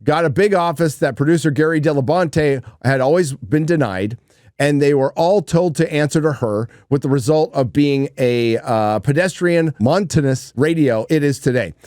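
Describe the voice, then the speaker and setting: A man's voice: fairly high pitch, normal speed, darkish tone, no echo, studio quality. Blunt man rambling through commentary. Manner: rambling, blunt, swears casually. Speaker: livestream host. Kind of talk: casual commentary.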